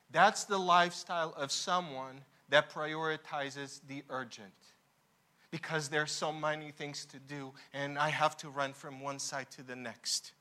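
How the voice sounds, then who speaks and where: Bright-voiced, animated male pastor. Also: fairly high pitch. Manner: animated, emphatic preaching. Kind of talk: sermon.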